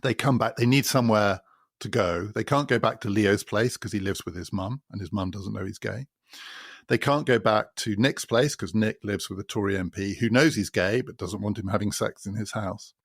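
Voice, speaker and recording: A man hosts a podcast and talks through a novel in an explanatory way. His low voice has a gravelly fry, and he drives points home by repeating them. The sound is close and dry. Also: normal speed, no room sound. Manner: explanatory, builds points by repetition. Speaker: podcast host. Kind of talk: spoken literary commentary.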